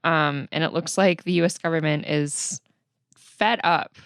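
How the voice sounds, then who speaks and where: Woman with a lowish voice going over the week's news, smooth and clear, dry sound. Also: steady tone, a little slow, no room sound. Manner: conversational, frequent "um" fillers. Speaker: podcast co-host. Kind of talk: casual news recap chat.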